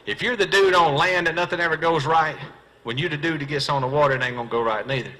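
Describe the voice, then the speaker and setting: A man's voice: a little high, sharp tone, low-quality recording. A middle-aged man with a Southern US accent, telling self-mocking stories as a stand-up seminar speaker and acting out the dialogue. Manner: folksy, self-mocking, quick punchlines, acts out dialogue. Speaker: professional bass angler giving a comedy fishing seminar. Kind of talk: stand-up storytelling to a live audience. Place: seminar hall.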